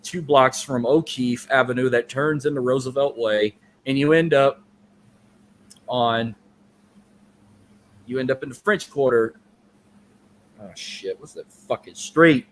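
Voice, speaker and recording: A man's voice: mid-range voice, unhurried, pauses often. A man co-hosting a podcast, telling a long story in casual, profane, rambling chat. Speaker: podcast co-host.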